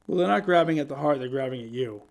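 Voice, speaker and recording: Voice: medium pitch, lively intonation, quick pace, gravelly. A game master running a tabletop game, talking in a hesitant, apologetic way with many fillers. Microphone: headphones.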